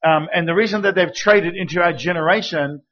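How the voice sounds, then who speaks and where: A man preaching as a guest speaker, telling lively stories with acted-out quotes and sometimes dropping to a hushed, intimate tone. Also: sits high, fairly quick. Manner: animated storytelling with acted quotes. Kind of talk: sermon. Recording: dull lo-fi recording.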